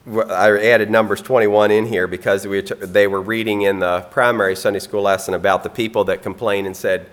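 A man delivers a sermon in a slightly low voice. He speaks earnestly and plainly, pausing often on ums and now and then clearing his throat. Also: fairly even intonation. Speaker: preacher.

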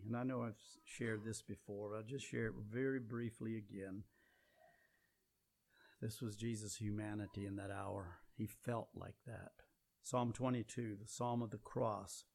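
A man preaching a sermon, swinging between loud emphatic peaks and low quiet passages.

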